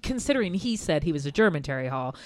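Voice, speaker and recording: A woman's voice: low voice, quick pace. A woman in her forties chatting casually, telling a story and acting out what people said. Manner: animated, acts out quoted voices. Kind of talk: casual chat.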